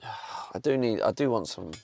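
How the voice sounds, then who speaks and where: A man's voice: lowish voice, animated, normal speed, creaky, a little mellow, no echo. A young man streaming live from his van, chatting casually and bantering with his viewers. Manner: chatty, swears, talks back to chat.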